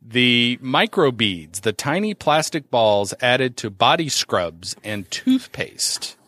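A man's voice: mid-range voice, sing-song, slow pace, bright, forceful tone, dry recording. A man hosting a podcast, rambling casually with many fillers and reading out a news story. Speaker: podcast host.

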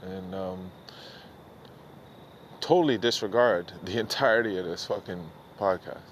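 A middle-aged man with a lowish voice rambles through a solo podcast. He talks loose and profane, drifting between thoughts and poking fun at himself. A faint hiss of noise sits behind him. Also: measured pace, highs cut off. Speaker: podcast host. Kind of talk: casual rambling monologue.

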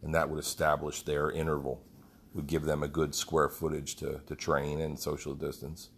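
Very deep gravelly man telling a story. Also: completely flat delivery, normal speed, a little hiss or hum. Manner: rambling, heartfelt, profane storyteller. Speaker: fitness program leader. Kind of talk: casual storytelling monologue.

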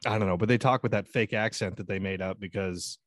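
A man's voice: lowish voice, fairly quick, fairly bright tone, dry recording, studio quality. An American man co-hosting a casual podcast chat, crude and laughing often. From United States. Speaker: podcast co-host.

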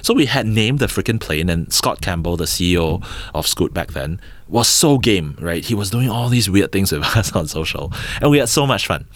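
Deep-voiced Singaporean man telling lively stories. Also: moderate pace, no echo. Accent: Singaporean English. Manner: animated storyteller, acts out quotes, tag questions "right?". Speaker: podcast guest, entrepreneur. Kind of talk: casual storytelling interview.

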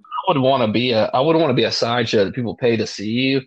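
A young man in casual podcast chat, laid-back, with crude jokes and constant "dude". His middle-pitched voice comes through a slightly dull, lo-fi line. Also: fast. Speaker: podcast co-host. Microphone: remote call line.

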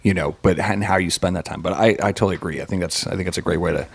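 A man co-hosting a podcast in casual chat, animated and quick to laugh. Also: low voice, vocal fry, slightly rough, no echo. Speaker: podcast co-host.

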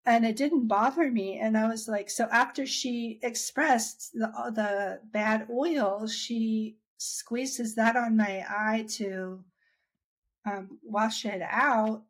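A woman's voice: on the high side, steady tone, takes it slowly. Chatty woman telling her story. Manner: chatty, with many restarts and acted-out quotes. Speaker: interviewee sharing her dry eye story. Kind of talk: casual conversational storytelling.

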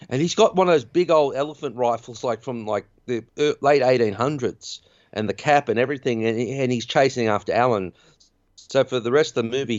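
A man's voice: medium pitch, no echo, lo-fi sound. A man hosting a podcast, recapping a film in a chatty, rambling way. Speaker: podcast host. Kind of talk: casual film recap chat.

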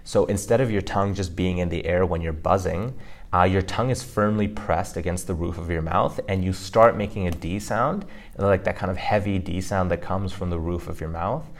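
A man's voice: deep voice, moderate pace. A man co-hosting a language-learning podcast, explaining pronunciation in a casual, chatty way with lots of fillers. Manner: chatty, loose with fillers like "like" and "you know".

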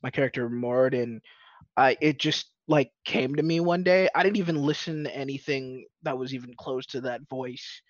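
A man's voice: medium pitch, moderate pace, no echo. Chill guy talking about playing tabletop games, lots of "you know", muffled dry mic. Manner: laid-back, says "man" and "you know" a lot. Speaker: tabletop roleplaying player. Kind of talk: casual podcast chat. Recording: dull, dry lo-fi recording.

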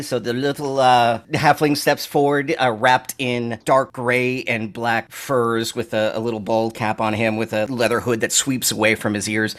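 Halting male tabletop player. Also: medium pitch, fairly bright tone. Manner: halting, with many fillers. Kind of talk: casual play at the table.

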